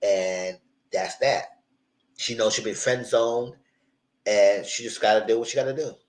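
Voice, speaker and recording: A young man hosting a casual live TV recap, animated and slipping into the voices of the people he quotes. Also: on the low side, a little slow, roomy sound, low-quality recording. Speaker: YouTube TV recap host.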